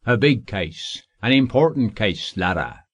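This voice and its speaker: A man's voice: lowish voice, animated, unhurried, dry recording, studio quality. A man voicing an angry, stubborn father in an audiobook, speaking bluntly and insistently.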